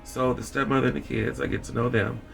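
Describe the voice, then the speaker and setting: A man vlogging a candid personal story with wry dark humor, rambling and repeating his phrases. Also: medium pitch, steady tone, quick pace, creaky. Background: background music.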